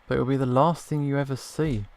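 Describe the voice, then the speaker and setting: A man's voice: medium pitch, fairly even intonation, a little fast, a little mellow, dry recording, close to an everyday voice. A man voicing a threatening male thug who ambushes a lawyer in a video game. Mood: menacing.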